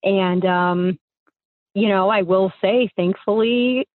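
A woman's voice: mid-range voice, slow pace, no room sound. A young woman on a remote call, telling a personal story casually and rambling with fillers and restarts. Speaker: guest storyteller. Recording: tinny phone-like line.

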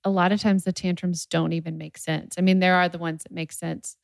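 A woman's voice: on the low side, a little fast, creaky, no echo. A woman chatting casually and livelily about toddler tantrums, laughing along. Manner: lively, acts out kids' voices, laughs. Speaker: podcast co-host. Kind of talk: casual chat.

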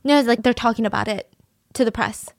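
A woman's voice: a little high, fast, no echo, clean studio sound. Indignant woman telling a true-crime story. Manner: indignant, animated retelling with fillers.

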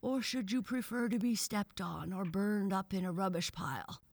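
A woman's voice: medium pitch, moderate pace, gravelly, no echo, voice pushed up. A woman voicing a frank, reproachful female toad.

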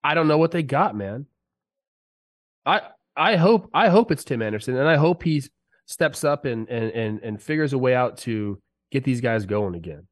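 A former pro ballplayer, now a podcast co-host, talks sports casually in a podcast studio. He's sick but still heated and emphatic, his medium-pitched voice animated and moving at a normal speed.

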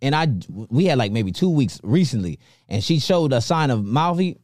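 A man's voice: mid-range voice, normal speed, no echo, studio quality. A man in a casual group chat, telling a story and acting out what was said. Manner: storytelling, animated retelling.

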